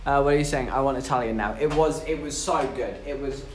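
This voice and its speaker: A man's voice: mid-range voice, fast talker, recorded from a distance, a little hiss or hum. A young man from southern England chatting casually to his livestream chat, telling stories with giggles along the way. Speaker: streamer. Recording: echoey room, voice a bit off-mic.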